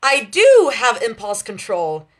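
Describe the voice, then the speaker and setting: A woman reading a fan story aloud and voicing a bubbly, excitable young woman who gushes in a high whine. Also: slow pace, full character voice. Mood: proud.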